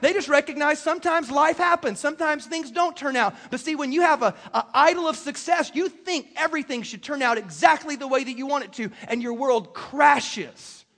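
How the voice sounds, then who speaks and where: A man preaching a sermon as pastor, emphatic and full of quick restarts, in a church. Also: very high voice, fairly bright tone. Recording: long reverb of a large hall.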